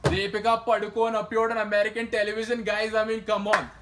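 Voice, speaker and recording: A man's voice: high voice, completely flat delivery, fast, very noisy. A young man hosting a satirical news show, full of sarcastic asides and rhetorical questions. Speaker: comedy news show host.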